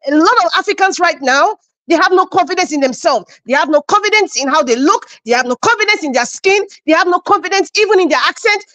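A woman's voice: high-pitched, a bit bright, dry recording. A woman hosting a live-stream commentary show, speaking with passion and repeating phrases for emphasis.

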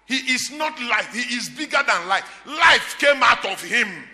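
High-voiced Nigerian pastor preaching. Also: male voice, expressive, measured pace. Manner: emphatic, with repeated phrases and shouted peaks. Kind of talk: sermon. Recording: echoey hall reverb.

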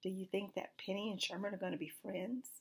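A woman reading a children's storybook aloud in an expressive, animated way. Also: medium pitch, fairly quick, gravelly, breathy edge.

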